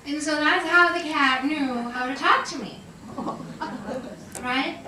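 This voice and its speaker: A woman, an animal communicator, tells animated, laughing stories to an audience. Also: sits high, slow pace, slight background noise. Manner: chatty, laughing, animated storyteller. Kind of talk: storytelling talk to an audience. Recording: distant, echoey room sound.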